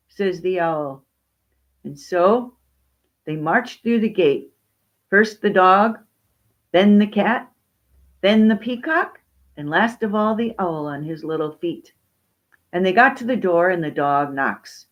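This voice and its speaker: Woman storyteller, children's tale, very slow, dull muffled recording. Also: on the low side. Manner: slow, expressive reading.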